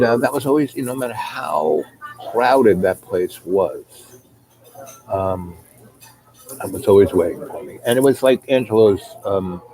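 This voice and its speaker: Man, middle-aged, casual storytelling, rambling with fillers, low mellow voice. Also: poor audio. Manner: rambling, many fillers and asides. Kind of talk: casual spoken anecdote.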